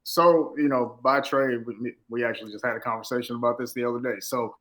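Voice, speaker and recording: Easygoing male coach in his 30s, relaxed guest on a podcast. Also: mid-range voice, brisk, poor audio. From Los Angeles. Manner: laid-back, easygoing, some stammering restarts. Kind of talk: casual interview chat.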